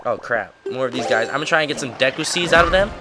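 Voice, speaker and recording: A man's voice: medium pitch, fast talker. A man casually commenting on a video game as host, joking and swearing freely, over game music. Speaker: let's play host.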